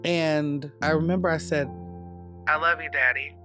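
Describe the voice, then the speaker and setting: Reflective man over soft guitar. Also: a little high, fairly even intonation. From North Carolina, US. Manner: reflective, measured storytelling. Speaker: dance company founder. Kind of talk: documentary interview storytelling. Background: soft guitar music.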